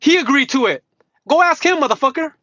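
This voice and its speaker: Sharp high-voiced man ranting, profane. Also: lively intonation, a little fast, dry recording. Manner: combative, mocking, swears constantly, repeats himself. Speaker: livestreamer. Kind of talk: heated profane rant to live chat. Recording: dull lo-fi livestream audio.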